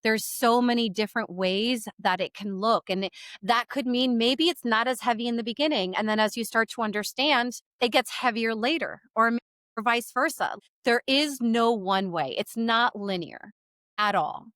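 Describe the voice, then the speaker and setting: A woman's voice: fairly high pitch, normal speed, fairly bright tone, no room sound, studio quality. A woman coach co-hosting a podcast conversation, talking frankly and reassuringly and laughing easily.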